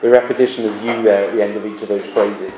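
A man's voice: on the low side, fairly even intonation, warm tone, reverberant, slight background noise, low-quality recording. A male literature teacher giving a classroom lesson, often restarting his sentences. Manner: halting, with many restarts and fillers.

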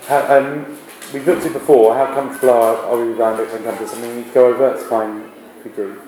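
A man's voice: mid-range voice, fairly even intonation, dark tone, roomy sound, a little hiss or hum, poor audio. A male literature teacher giving a classroom lesson, often restarting his sentences. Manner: halting, with many restarts and fillers.

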